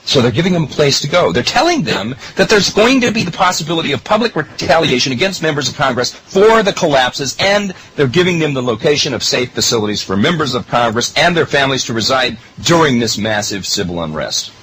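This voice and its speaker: A man delivers a monologue to his listeners with emphatic stresses and pointed rhetorical questions. His pitch swings widely and sounds animated. A faint noise sits under the recording. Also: brisk, hardly any pauses, low-quality recording. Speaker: political commentary host.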